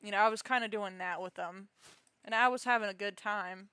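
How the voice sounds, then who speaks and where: A woman's voice: mid-range voice, fairly quick, pushed and bright, clean tone, dry recording. A young woman streaming a game, chatting casually and telling a rambling, self-mocking story full of restarts. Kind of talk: casual live-stream chat.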